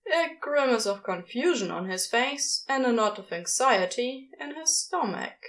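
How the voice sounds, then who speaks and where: A woman reading a fan story aloud in a gentle, expressive narration. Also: on the high side. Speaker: podfic reader. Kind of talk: scripted narration.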